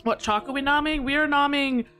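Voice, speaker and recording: A woman's voice: sits high, fairly even intonation, quick pace, pushed and bright, soft background music. A woman streamer chatting with her viewers live, bubbly and giggly, laughing often.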